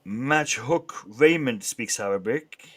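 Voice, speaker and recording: A man hosting a casual live stream, bantering with the chat in a lively way and often restarting his sentences. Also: medium pitch, slow pace. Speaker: livestream host.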